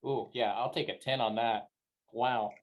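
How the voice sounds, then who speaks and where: A woman playing a tabletop game, chatting in an animated, self-mocking way. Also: very deep voice, measured pace. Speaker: player. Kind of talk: casual chat at a tabletop game.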